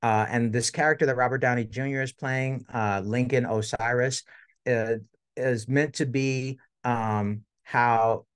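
A man's voice: medium pitch, fairly even intonation, measured pace, clean tone, no room sound, clean studio sound. A middle-aged man giving an academic lecture in a conversational way, often checking in with "right?". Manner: conversational, tags points with "right?".

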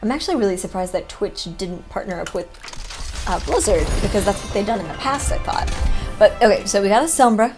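A woman's voice: medium pitch, a little fast. Chatty young woman vlogger, faint music. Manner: chatty and excitable, rambling asides. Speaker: gaming vlogger. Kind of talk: casual unboxing commentary.

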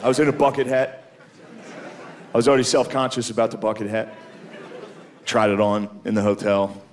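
A man's voice: lowish voice, flat delivery, normal speed, a faint crowd, slight background noise. An American man doing a stand-up comedy set on stage, talking in a loose, casual way and chuckling at his own lines. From United States. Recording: echoey venue with loud audience laughter.

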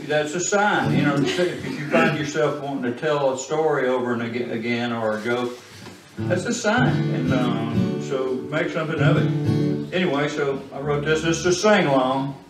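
A man's voice: mid-range voice, moderate pace, over loud music. A man from Arkansas with a Southern Arkansas accent, introducing a song to a live audience in a rambling, folksy way, chuckling between phrases. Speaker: singer-songwriter. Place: live performance space at a ranch. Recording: echoey live recording from far off.

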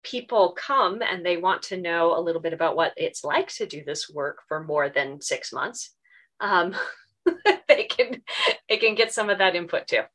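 A woman's voice: lowish voice, expressive, normal speed, fairly bright tone. Chatty woman hosting an online meeting. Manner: chatty, many fillers. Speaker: meeting community host. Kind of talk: casual online meeting chat.

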